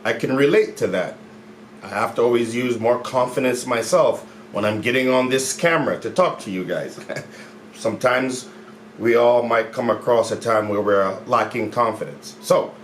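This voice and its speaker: A man talking to camera as a mindset coach in a casual, upbeat way, repeating his phrases and stretching key words slowly. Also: medium pitch. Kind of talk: casual motivational talk to camera. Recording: echoey room with faint background noise.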